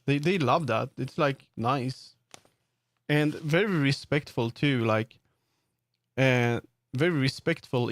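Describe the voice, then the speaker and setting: A mid-range voice with a Swedish accent provides casual live-stream commentary as he works in 3D. His talk wanders, full of fillers and restarts, recorded with no room sound.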